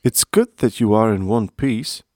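A man voicing a caring female dragon friend in a storybook, speaking softly and quietly. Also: lowish voice, expressive, measured pace, no echo, studio quality. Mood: gentle. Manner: soft, quiet.

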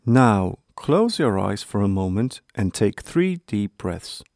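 A man voicing a calm, caring father hedgehog who speaks tenderly and soothingly. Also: on the low side, slow pace, gravelly, dry recording, clean studio sound, full character voice.

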